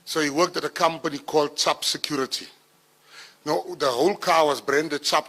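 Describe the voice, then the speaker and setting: A middle-aged South African man giving a speech, telling personal stories and acting out the dialogue, rising loud at the punchlines. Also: fairly high pitch, moderate pace. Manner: animated storyteller, acts out dialogue, gets loud at punchlines. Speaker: minister giving a keynote speech. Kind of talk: storytelling speech to an audience.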